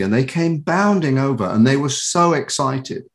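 Lively british man telling stories. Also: mid-range voice, moderate pace. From England. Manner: animated storyteller with many restarts and laughs. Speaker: guest, voice actor and author. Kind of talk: casual interview chat.

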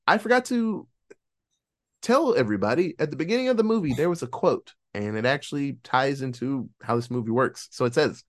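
A man's voice: medium pitch, expressive, a little fast. A man casually recapping a horror movie plot on a podcast, swearing freely and reading out his own notes.

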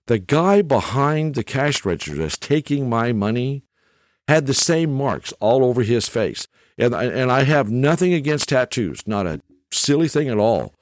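A man's voice: mid-range voice, big pitch swings, moderate pace, no echo, studio quality. A middle-aged man telling a rambling, folksy story in casual monologue, often tagging lines with "okay?".

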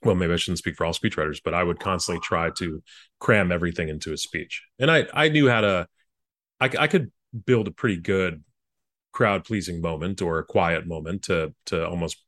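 Man, very low voice, dry close sound, earnest and halting, interview storytelling. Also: fairly bright tone, no echo. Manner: earnest, halting with frequent restarts. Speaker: former presidential speechwriter.

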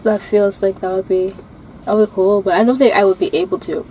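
A woman's voice: mid-range voice, fairly even intonation, a little fast, mellow, a little hiss or hum, poor audio. A young woman chatting casually, rambling with lots of fillers and laughs. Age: young adult. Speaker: co-host. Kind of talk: casual chat.

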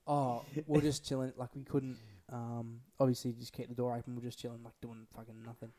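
A man's voice: medium pitch, level tone, brisk, mellow. A young man, a podcast co-host telling rambling, sweary stories in casual chat.

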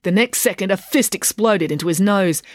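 A woman narrating a storybook with a lively, expressive reading. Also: mid-range voice, normal speed, no room sound, clean studio sound. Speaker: audiobook narrator.

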